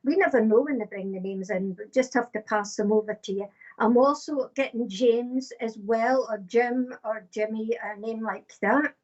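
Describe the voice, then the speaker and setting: A woman's voice: fairly high pitch, moderate pace, darkish tone. A woman, a psychic medium giving live readings in a chatty, casual way with many fillers. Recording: dull lo-fi stream audio.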